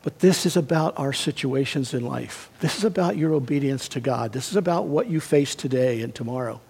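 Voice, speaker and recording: A man preaching a sermon as pastor, emphatic and swinging between raised and hushed delivery. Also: medium pitch, a little fast, creaky, slightly rough.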